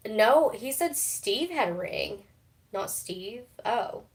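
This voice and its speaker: A woman's voice: fairly high pitch, animated, slow pace. Chatty, laughing young woman streaming live. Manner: chatty, swears freely, laughs often, many fillers. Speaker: streamer reacting to a TV show. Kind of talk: casual live-stream chat. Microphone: phone.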